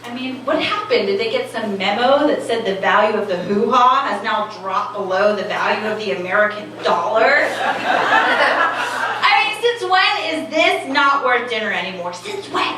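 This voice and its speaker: A woman in her late thirties doing stand-up in a wry, chatty way, peppering her talk with "like." Her voice sits fairly high. She is heard from far off in a very echoey club, with noise clearly present behind her. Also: expressive, moderate pace. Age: late 30s. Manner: wry, conversational, many "like"s. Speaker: stand-up comedian. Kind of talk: stand-up comedy set. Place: comedy club stage.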